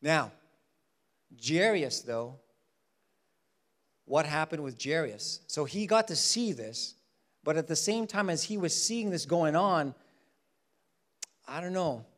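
A man preaching a Bible-teaching sermon in an animated way, often acting out the people he quotes. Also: a little high, takes it slowly, pauses often. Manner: animated, acts out quoted voices.

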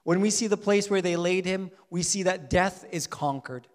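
High-voiced preacher man in a reverberant hall. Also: normal speed. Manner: emphatic preacher, swings from loud declarations to soft urging. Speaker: pastor. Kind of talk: sermon.

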